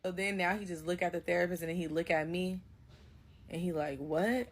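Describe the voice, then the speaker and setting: A young woman telling a personal story in a casual, animated way, acting out quotes and bursting into loud outrage. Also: on the low side, a little fast, low-quality recording.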